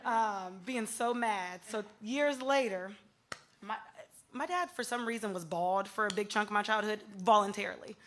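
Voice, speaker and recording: A woman's voice: medium pitch, moderate pace, a bit bright, a little hiss or hum. A woman giving a light-hearted eulogy for her father, telling funny family stories in a storytelling manner. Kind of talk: eulogy with humorous anecdotes.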